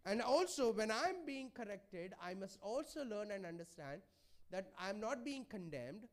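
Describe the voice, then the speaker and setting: A man's voice: sits high, very animated, unhurried. A man preaching a sermon in a church, pleading and conversational, often checking in with the congregation. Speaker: pastor.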